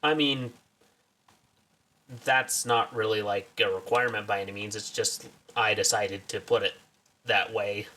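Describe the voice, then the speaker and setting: A man's voice: on the low side, steady tone, measured pace, pauses often, pushed and bright, distant mic. A man giving casual, wry commentary while streaming a game, full of self-mocking asides.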